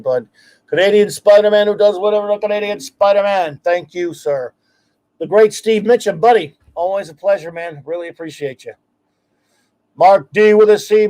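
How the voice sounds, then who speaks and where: A man hosting a casual livestream, talking in an enthusiastic, rambling way and giving effusive shout-outs. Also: fairly high pitch. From United States. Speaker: host.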